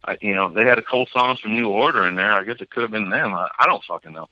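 A man co-hosting a podcast, chatting casually in a halting, rambling way with lots of swearing. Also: on the low side, bright, forceful tone, no room sound, lo-fi sound. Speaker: podcast co-host. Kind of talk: casual chat.

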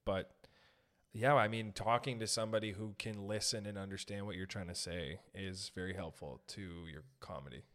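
A man's voice: deep voice, steady tone, moderate pace, fairly bright tone. A man and comedian hosting a podcast, talking in a laid-back, rambling way with wry teasing. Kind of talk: casual chat.

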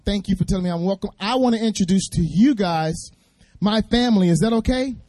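A man speaking as a guest at a church service, telling a Bible story in a fast, playful way and drawing responses from the audience. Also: sits high, mellow, dry recording.

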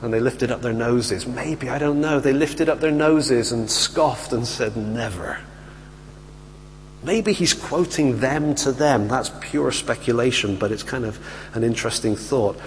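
With a mid-range voice and moderate pace, a male preacher narrates a story lively in his sermon and takes on the voices of its characters. Faint hum and hall reverb color the recording.

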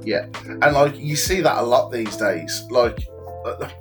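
A man chatting casually on a podcast, loose and talkative, dropping in "like" and "do you know what I mean" as he goes. His voice sits at a middling pitch, with faint music playing underneath. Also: unhurried. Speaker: wrestler and promoter.

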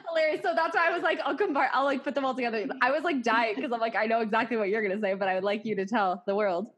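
Casting note: upbeat Canadian woman hosting a podcast, slightly high voice, quick to laugh. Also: fairly bright tone. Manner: bubbly, laughs often, acts out quotes. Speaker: podcast host. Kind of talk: casual podcast chat.

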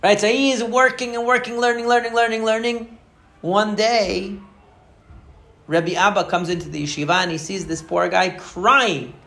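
Male teacher, high voice, animated storytelling lesson, lots of fillers. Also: normal speed, gravelly. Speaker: Torah teacher.

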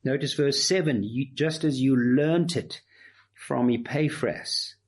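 A man's voice: medium pitch, slow, husky. A man preaching an expository sermon, emphatic and fond of rhetorical repetition.

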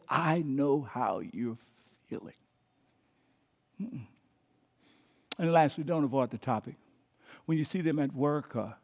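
A man preaching a sermon as pastor, emphatic, sometimes dropping to a whisper and having the listeners repeat after him. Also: fairly high pitch. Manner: emphatic, dropping to quiet whispers on key words.

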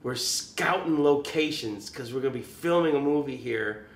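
A man's voice: mid-range voice, normal speed, natural voice. A man voicing a drunk bar patron who claims to be scouting film locations, pushy and belligerent, in an echoey room. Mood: boastful. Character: drunk man bragging of a movie studio job.

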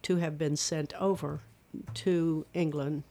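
An older woman from Eastern Kentucky with a regional accent, a retired speech and theater teacher telling stories in a relaxed interview and acting out voices as she goes. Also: low voice, slow. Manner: animated storyteller, demonstrates voices. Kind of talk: casual interview chat.

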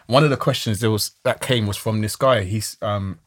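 A man hosting a casual podcast chat, telling a story in a relaxed, rambling way. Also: on the low side, moderate pace.

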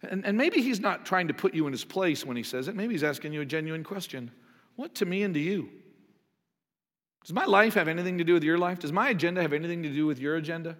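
Male pastor, slightly high voice, chatty sermon delivery, lots of rhetorical questions, echoing sanctuary. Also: animated, fast, few pauses, a bit bright. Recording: long hall reverb.

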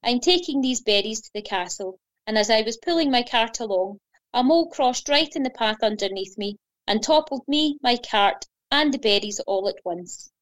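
A woman's voice: on the high side, lively intonation, moderate pace, no room sound, lightly acted. A woman voicing a fretful little elf. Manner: fretful, apologetic. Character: flustered worried male elf berry carrier.

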